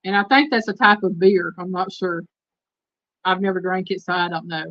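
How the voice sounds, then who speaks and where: A woman's voice: fairly low pitch, steady tone, moderate pace, no room sound, dull audio. A woman with a Southern Texas accent hosting a live stream, chatting casually and reading trivia questions aloud to her viewers. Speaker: host.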